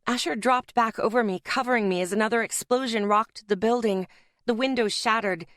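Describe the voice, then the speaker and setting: A woman's voice: a little high, brisk, a bit bright, no echo, clean studio sound. A woman narrating a first-person audiobook in a tense, dramatic storytelling manner.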